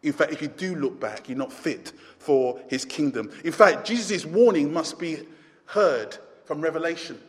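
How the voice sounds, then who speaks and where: A man preaching a sermon, impassioned, rising to near shouts and then dropping low. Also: expressive, normal speed. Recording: hall reverb.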